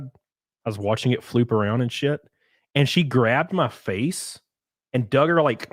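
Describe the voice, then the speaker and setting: A man's voice: medium pitch, no echo, studio quality. A young man in casual podcast chat, telling rambling stories, swearing and laughing often.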